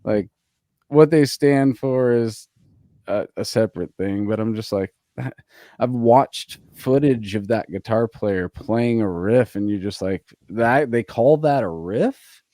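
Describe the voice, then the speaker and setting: A man's voice: fairly low pitch, slow, mellow, dry recording. Tipsy podcast guy, laughs a lot, dry close mic, keeps saying dude. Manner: laid-back, laughing, says "dude" a lot. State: tipsy from drinking. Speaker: podcast host. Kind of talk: casual chat.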